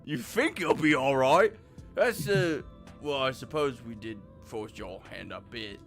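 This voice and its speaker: A man's voice: mid-range voice, measured pace, faint music behind, voice pushed down. A man voicing a chatty, trolley-obsessed male miner in a game, with a put-on Cockney accent. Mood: hearty. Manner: lively, hearty storybook delivery. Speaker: streamer reading game dialogue. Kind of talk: voicing video game dialogue.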